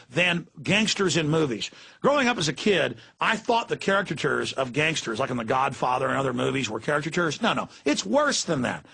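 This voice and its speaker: A man's voice: a little high, vocal fry, sharp tone, slightly rough. A middle-aged man hosting political talk radio, ranting in a fiery, emphatic way. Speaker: radio talk show host.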